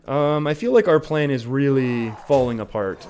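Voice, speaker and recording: A man's voice: medium pitch, expressive, moderate pace, a little mellow, faint music behind. A young Canadian man with an English Canadian accent, casually commentating a card game and reading viewer comments, laughing often. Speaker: streamer.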